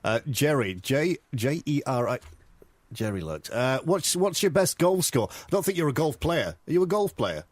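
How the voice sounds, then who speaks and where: A man's voice: mid-range voice, sing-song, normal speed, no echo. A man hosting a casual radio interview in a studio, joking and stumbling over his words as he chats. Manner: chatty, jokey, stumbles and laughs often. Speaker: radio host.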